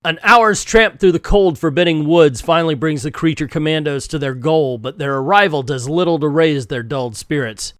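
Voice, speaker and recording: A man's voice: fairly high pitch, moderate pace, hardly any pauses, fairly bright tone, no echo, studio quality. A man reading through and reviewing an old comic book in a jokey, casual way.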